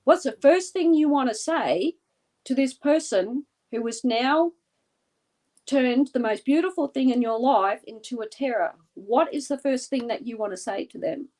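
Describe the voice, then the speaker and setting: Woman, from Australia, interview guest, guided visualization, intense, deliberate, vivid storytelling. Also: high voice, lively intonation, darkish tone.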